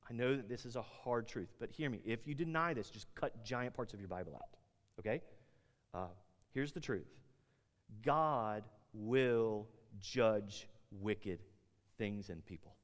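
Male pastor, casual preaching voice with big swings from loud emphasis to quiet asides, long reverb. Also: normal speed. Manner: conversational preaching, rising loud on emphasis then dropping low. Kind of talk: sermon. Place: large room with an audience.

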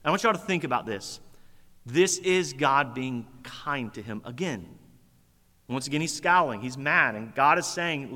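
A male pastor preaching a sermon in a casual, energetic way, full of slang. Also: medium pitch, a little slow. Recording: echoey hall.

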